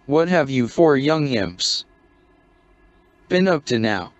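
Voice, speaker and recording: A man playing a gruff blustering sea captain. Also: mid-range voice, sing-song, takes it slowly, dry recording. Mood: stern. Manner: curt, blustering, mock-severe. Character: gruff stern middle-aged male ship's captain. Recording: dull, muffled lo-fi recording.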